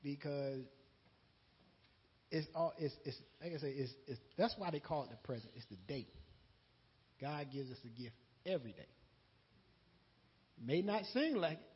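A man's voice: on the high side, animated, normal speed, long pauses, slightly rough, dull audio. A man preaching an unscripted sermon in a folksy, laughing way, quoting conversations and repeating words. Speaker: lay preacher.

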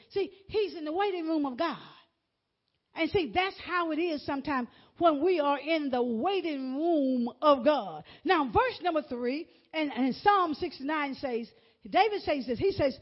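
A woman's voice: high voice, animated, moderate pace. A woman preaching a fervent sermon to a congregation, repeating words and calling out to the listeners. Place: church before a congregation. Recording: dull lo-fi recording.

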